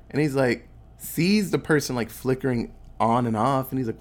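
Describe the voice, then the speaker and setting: With a mid-range voice at moderate pace, this podcast co-host runs through a movie's plot in a casual, foul-mouthed chat, performing the characters' lines with animated flair.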